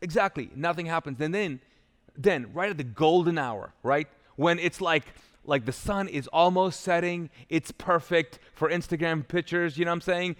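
A man's voice: fairly high pitch, normal speed. A male pastor preaching a sermon live in a church, retelling a story in a casual, joking way with loose paraphrase. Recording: live church hall reverb.

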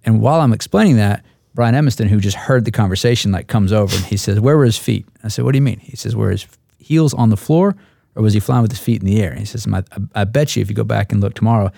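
Male instructor pilot, dark gravelly tone, dry close mic, rambling anecdotal delivery. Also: fairly low pitch, no echo. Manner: halting, repeats words, restarts. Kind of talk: roundtable storytelling.

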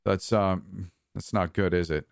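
A man's voice: low-pitched, steady tone, measured pace, creaky, no echo, studio quality. A man voicing a timid, anxious young man who stammers and hesitates. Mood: timid, confused.

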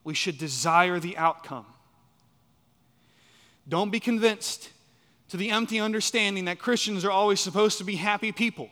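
A man preaching a sermon, emphatic, repeating key phrases and swinging from loud to soft. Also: high-pitched, moderate pace, pauses often. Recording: reverberant hall.

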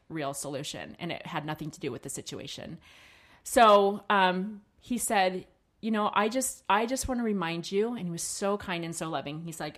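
Middle-aged woman, lowish voice, chatting openly, tells stories and quotes her husband. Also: fairly bright tone. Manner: candid storytelling, quoting her husband. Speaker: podcast co-host. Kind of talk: casual chat.

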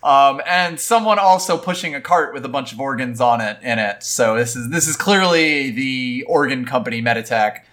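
A man's voice: mid-range voice, normal speed, hardly any pauses, a bit bright. A man co-hosting a podcast, animatedly recapping an anime episode in casual chat and laughing often. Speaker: podcast co-host.

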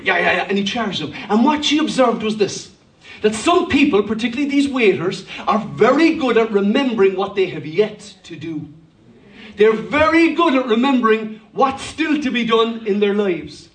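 A man's voice: very high-pitched, expressive, moderate pace. A male pastor preaching a sermon emphatically, with rhetorical questions and humor, in a church hall. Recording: echoey hall, voice from a distance.

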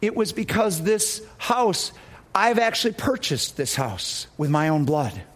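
A man puts on Jesus in a sermon story, calm, loving and authoritative. The lines come gently at first, then turn firm and commanding. His voice sits high and swings widely. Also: measured pace, exaggerated voice. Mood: urgent.

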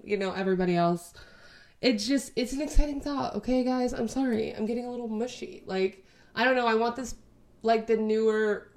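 A woman's voice: medium pitch, a little mellow. A woman in her twenties from Texas, chatting casually to her camera in a rambling, sweary way, full of "like". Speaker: vlogger.

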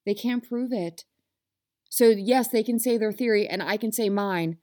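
Woman host, motivational talk, earnest and passionate, mid-pitched voice, addressing listeners directly. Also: a little slow, warm tone. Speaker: self-help podcast host.

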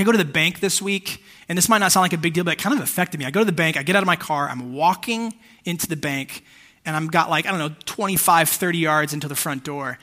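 Bright, casual young-sounding preacher man. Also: a little high. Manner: casual, conversational preaching with fillers. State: emotional, holding back tears. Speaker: pastor. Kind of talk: sermon.

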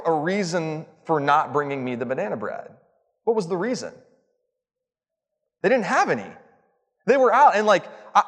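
A man giving a church lesson in a chatty, self-mocking storytelling style that builds to emphatic points. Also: a little high. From Southern United States. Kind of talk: storytelling sermon. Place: church auditorium. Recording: long reverb of a large hall.

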